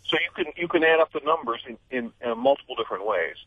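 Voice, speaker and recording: A man's voice: mid-range voice, sing-song, fast talker. A middle-aged man, a political correspondent, explaining things in an interview and restarting his sentences often, heard over a telephone line. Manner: fluent but full of restarts and "I mean". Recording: husky tinny phone line.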